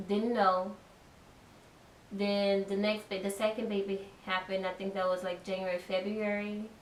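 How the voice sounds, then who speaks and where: A young adult woman shares her personal testimony in a soft-spoken, reflective way, with many casual "like"s. Her voice sounds distant in an echoey room. A faint hiss runs beneath it. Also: mid-range voice, level tone, unhurried. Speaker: daughter giving her testimony.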